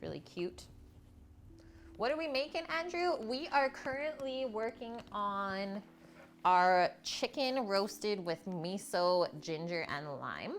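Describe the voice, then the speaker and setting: A woman's voice: mid-range voice, animated, takes it slowly, a little hiss or hum. A woman hosting a live cooking stream from her home kitchen, chatting with viewers and reading their comments aloud between steps. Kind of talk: live cooking demonstration with chat replies.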